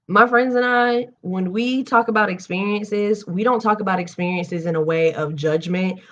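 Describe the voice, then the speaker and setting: A young woman hosting a live reading stream, reading a book aloud and breaking off into candid, animated personal asides. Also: on the low side, dull audio. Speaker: host reading books aloud on a livestream. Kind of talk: reading aloud and casual chat.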